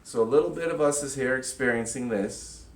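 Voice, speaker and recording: Animated man teaching in an echoey room. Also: a little fast. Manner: animated, acts out inner voices with sudden loud high bursts. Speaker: spiritual workshop teacher. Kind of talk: casual spiritual teaching talk.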